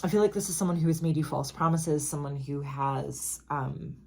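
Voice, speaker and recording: Low-voiced woman giving a chatty tarot reading. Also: normal speed, vocal fry, a little mellow, slight background noise. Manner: chatty, emphatic, frequent asides and apologies. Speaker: tarot reader. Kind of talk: casual tarot reading to camera.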